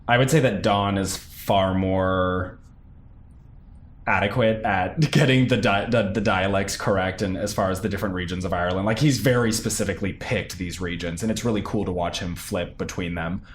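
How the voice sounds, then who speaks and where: A man's voice: sits low, normal speed, slight background noise. A young man, a stage actor, chatting in an interview about his role, talking animatedly with many fillers and restarts. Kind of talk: casual interview.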